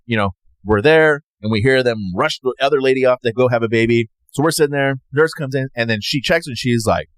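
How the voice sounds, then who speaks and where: A man's voice: medium pitch, brisk, no room sound. A man casually telling a personal story, rambling and acting out what others said. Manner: rambling, animated, acts out others' lines. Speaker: podcast host.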